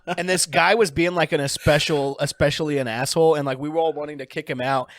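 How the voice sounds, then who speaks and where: A man's voice: a little high, fairly even intonation, fast, a bit bright, no echo, studio quality. Rambling, foul-mouthed man telling stories. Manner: rambling, profane, heavy use of filler "like". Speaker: guest comedian. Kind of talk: casual storytelling chat.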